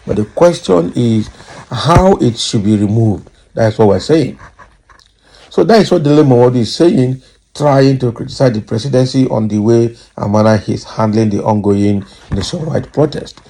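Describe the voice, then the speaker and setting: A man's voice: medium pitch, normal speed, dark tone, rough recording. A man with a Nigerian English accent giving emphatic political commentary, asking rhetorical questions and reading out viewer comments. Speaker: news commentator.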